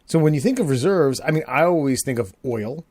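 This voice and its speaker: A man's voice: a little high, lively intonation, fairly quick, a little mellow, no room sound. Rambling man chatting on a podcast. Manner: rambling, profane storytelling with frequent fillers. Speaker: podcast co-host. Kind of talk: casual chat.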